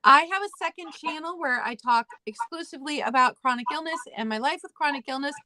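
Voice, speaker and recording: A woman's voice: sits high, fairly quick, bright, forceful tone. A woman hosting her channel's live sale, chatting casually and wrapping up with announcements. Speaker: channel host.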